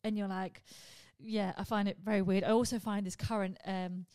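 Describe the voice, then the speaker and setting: A young woman, a comedian hosting a podcast, ranting in a casual, animated and sweary monologue. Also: mid-range voice, normal speed, smooth, no echo.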